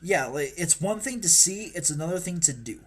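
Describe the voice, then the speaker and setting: A man's voice: fairly high pitch, animated, a little fast. A man live-streaming himself painting miniatures, rambling casually and joking at his own expense, sometimes murmuring under his breath. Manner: rambling, self-mocking, drops into whispers while concentrating.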